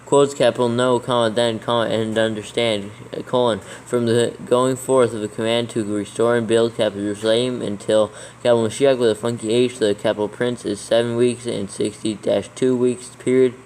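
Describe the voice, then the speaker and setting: A man reads a passage aloud at a careful, deliberate pace, naming each punctuation mark and capital letter as he goes. His voice stays level and flat throughout. A faint hiss of noise sits under the recording. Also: mid-range voice, low-quality recording. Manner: slow deliberate dictation. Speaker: proofreader dictating scripture. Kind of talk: reading text aloud with punctuation dictated.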